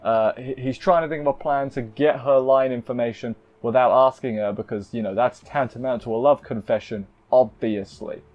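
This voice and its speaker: A man's voice: mid-range voice, fairly even intonation, normal speed, hardly any pauses, muffled recording. A man casually recapping an anime episode, rambling and cutting himself off with playful asides. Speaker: anime reviewer.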